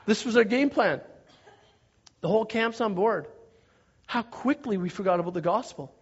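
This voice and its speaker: A man preaching, telling a story in an animated way and shouting out parts of it. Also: high-pitched, normal speed, slightly rough. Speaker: pastor. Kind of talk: sermon storytelling. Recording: dull lo-fi recording.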